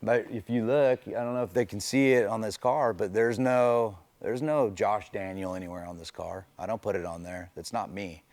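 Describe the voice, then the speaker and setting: Gravelly low-voiced man telling stories casually. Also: fairly even intonation, normal speed, hardly any pauses, a little mellow, no echo. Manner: loose and chatty, full of "you know" fillers. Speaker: race car driver. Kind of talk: casual storytelling interview.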